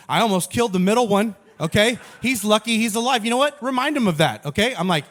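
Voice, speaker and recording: A man in his thirties giving a humorous sermon as a pastor, telling stories in an animated, self-mocking way. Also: sits high, fast talker, hardly any pauses.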